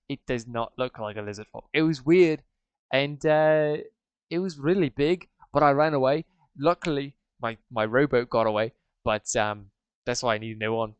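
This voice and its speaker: A man voicing a chatty male fisherman who fled a monster, talking in excited, tumbling, rambling bursts. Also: mid-range voice, smooth, no room sound, natural voice.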